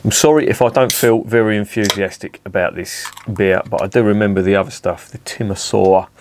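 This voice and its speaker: A man's voice: fairly low pitch, fairly even intonation, a little fast, a little mellow, slight background noise. A man reviewing a beer on camera, swearing often and grumbling sarcastically. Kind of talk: casual beer review vlog.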